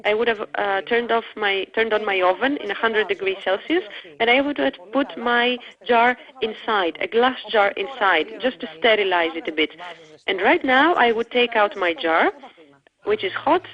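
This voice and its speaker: Woman interpreter, highish voice, talks fast and loose with fillers, dull lo-fi stream audio. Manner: quick, conversational, with many fillers like "you know". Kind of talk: simultaneous interpretation.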